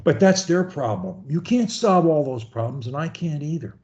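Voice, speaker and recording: A man's voice: a little high, expressive, moderate pace, darkish tone, muffled recording. A man coaching a student one-on-one over a video call, talking in a folksy, rambling, encouraging way. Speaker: speech coach.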